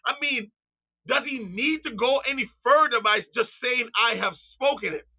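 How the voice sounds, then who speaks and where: A man preaching a fervent sermon, calling out to his listeners, drawing out quoted scripture slowly and rising into cries and shouts. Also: very high-pitched, slightly rough. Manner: calls out to the audience. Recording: tinny phone-like sound.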